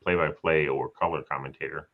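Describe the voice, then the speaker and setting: A man's voice: rumbling low, fairly even intonation, a little fast, creaky. A man hosting a casual live chat, telling rambling stories and acting out quotes. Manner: rambling storyteller, chatty, acts out quotes. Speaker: host. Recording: slightly dull lo-fi sound.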